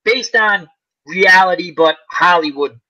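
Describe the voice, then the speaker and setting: A man chatting casually as host of his channel, his voice very bright and slightly high. He rambles through a movie plot, slipping into quoted lines as he goes. The sound is dull and lo-fi. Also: measured pace. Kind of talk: casual chat retelling a movie.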